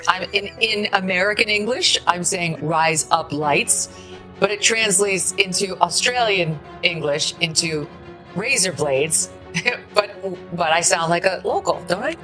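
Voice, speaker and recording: A woman's voice: fairly low pitch, unhurried, sharp tone, faint music behind, poor audio. A woman talk show host chatting in a scornful, joking manner. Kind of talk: casual chat.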